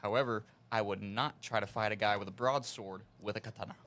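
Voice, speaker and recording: Easygoing low-voiced man. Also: steady tone, brisk, a bit bright. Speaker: podcast co-host. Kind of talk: casual chat.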